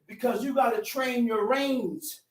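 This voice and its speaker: A man with a strikingly high voice gives a Sabbath teaching in a streetwise, conversational way, punching points home with sudden shouts. The mic sits some way off, and the room throws back a lot of echo. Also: fairly even intonation, a little slow. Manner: emphatic, with sudden shouted bursts. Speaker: religious teacher. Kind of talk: Sabbath teaching to a small group. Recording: echoey room, distant mic.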